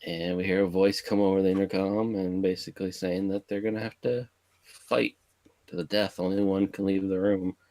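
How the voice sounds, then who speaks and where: Podcast co-host, man, very low voice, dry close mic, laid-back plot recap. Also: level tone, moderate pace, darkish tone, no echo. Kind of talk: casual movie plot recap.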